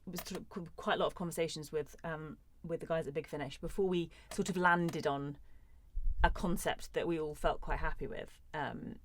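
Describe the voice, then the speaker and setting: A woman's voice: low-pitched, a little hiss or hum. A woman in her thirties, an actor answering fan questions in a casual, chatty way with playful, self-mocking humor. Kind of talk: casual chat. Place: recording studio.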